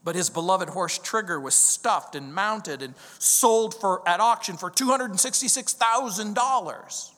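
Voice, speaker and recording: Man, pastor, middle-aged, high voice, emphatic sermon delivery, storytelling, long hall reverb. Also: fairly bright tone. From Southern California. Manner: storytelling, emphatic with slow drawn-out stresses. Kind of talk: verse-by-verse sermon. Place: church sanctuary.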